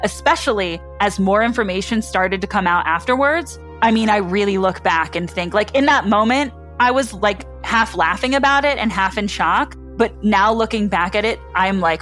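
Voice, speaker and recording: A woman's voice: medium pitch, normal speed, few pauses, a bit bright, soft background music. A young adult woman candidly telling her own story in a chatty way, full of fillers, acting out what people said. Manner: chatty, many "like" fillers, acts out quotes.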